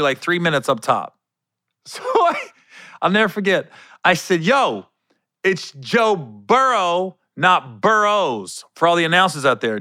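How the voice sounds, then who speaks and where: Bright, crisp-voiced man telling a story. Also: a little high, dry recording. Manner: animated, rambling, self-correcting storyteller. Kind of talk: casual storytelling.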